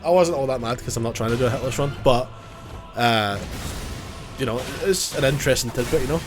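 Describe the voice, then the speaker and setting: A man's voice: mid-range voice, fairly quick, over music. A man with a cold, giving casual, joking gameplay commentary, self-mocking and swearing now and then. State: has a cold. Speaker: gaming YouTuber.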